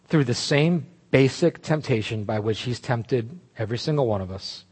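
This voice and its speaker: A man preaching a sermon, animated and emphatic, breaking off into asides and restarts. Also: mid-range voice, breathy edge, long reverb tail. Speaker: pastor.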